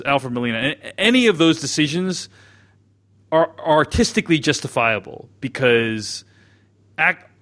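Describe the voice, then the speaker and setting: A man co-hosting a casual podcast discussion, with a voice of ordinary middle pitch. He works through his ideas slowly and thoughtfully, often stopping and restarting his sentences. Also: a bit bright. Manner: thoughtful, hesitant with many restarts. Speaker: podcast co-host.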